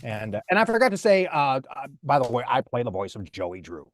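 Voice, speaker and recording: A man's voice: medium pitch, wildly swooping pitch, fairly quick, no echo. A man, a voice actor, chatting casually on a livestream panel and telling rambling stories over a video call.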